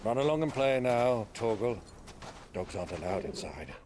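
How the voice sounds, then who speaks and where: An actor voicing a gruff, dry-humored middle-aged warrior in a video game, heard through game audio with background noise. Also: male voice, medium pitch, big pitch swings, normal speed, a little mellow, natural voice. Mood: wry.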